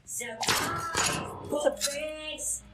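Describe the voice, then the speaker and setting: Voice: high voice, very slow. An actor voicing a small, rude male alien enemy in a video game who hurls taunting insults. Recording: distant, echoey game audio with music.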